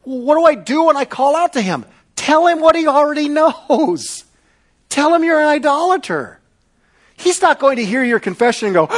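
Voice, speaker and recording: Male pastor mid-sermon, high voice, very animated delivery, shifts from loud to hushed.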